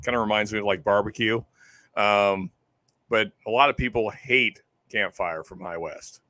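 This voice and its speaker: On his laid-back whiskey live stream, the host speaks at a moderate pace in a fairly low, pushed, bright voice. The recording is dry, from a close desk mic, and he tends to repeat words when launching into a sentence.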